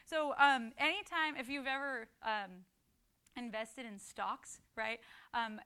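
A woman's voice: a little high, steady tone, slow pace, pushed and bright, clear, resonant tone. A woman teaching a casual Bible lesson, talking conversationally, often asking "right?" and quoting scripture. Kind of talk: casual sermon.

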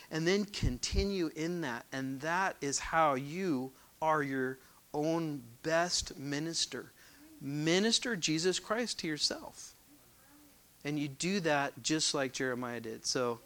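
A man's voice: a little high, a bit bright. A man preaching a sermon, earnest and emphatic, often repeating words as he presses a point. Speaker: pastor.

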